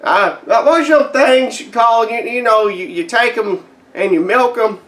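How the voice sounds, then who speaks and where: An actor playing a dim-witted, boastful adult grandson who tells a rambling folksy tale with stammered restarts. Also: male voice, very high-pitched, measured pace, a bit bright. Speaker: comedy character telling a story to his grandmother. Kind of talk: comedic storytelling monologue.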